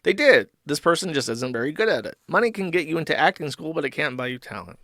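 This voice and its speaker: A man's voice: a little high, big pitch swings, fast talker, a bit bright, dry recording, clean studio sound. A man hosting a livestream, reading chat and forum comments aloud and reacting in a crude, mocking way.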